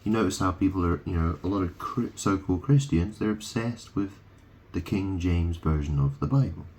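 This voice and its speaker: A man's voice: sits low, moderate pace, darkish tone, slight background noise. A man in a rambling monologue, punning on words and often asking "right?" as he talks to the camera. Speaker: video host.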